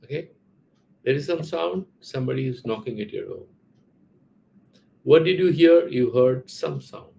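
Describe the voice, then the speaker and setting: A middle-aged man teaching philosophy, explaining Sanskrit scripture in a halting way, repeating words and asking rhetorical questions. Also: mid-range voice, expressive, gravelly, dark tone, rough recording.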